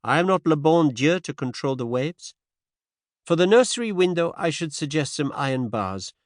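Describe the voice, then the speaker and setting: Man voicing a fussy older Belgian detective, high lifted voice, lively swoops, courtly French asides, dry audiobook sound. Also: normal speed, no room sound. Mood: courteous. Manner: precise, courtly, sprinkled with French words. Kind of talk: audiobook character voice.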